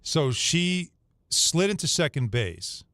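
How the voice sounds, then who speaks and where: Male sports radio co-host, higher pitch, dry studio mic, opinionated and restless. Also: big pitch swings, slow, fairly bright tone, no echo. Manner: opinionated, stumbles into points. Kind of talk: casual sports talk.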